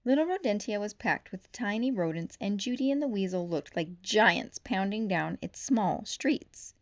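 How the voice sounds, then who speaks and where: A woman reading a children's novel aloud for storytime, with lively, expressive narration. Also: medium pitch, normal speed. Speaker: storytime reader.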